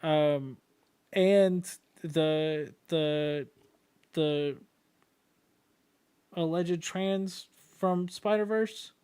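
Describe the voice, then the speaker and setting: A young man in his twenties wanders from story to story in a loose, profanity-laced podcast chat. His voice sits a little higher than most men's. He talks with easy, offhand humor. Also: very slow, pauses often, a little mellow, clean tone. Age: 20s. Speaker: podcast co-host. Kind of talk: casual chat.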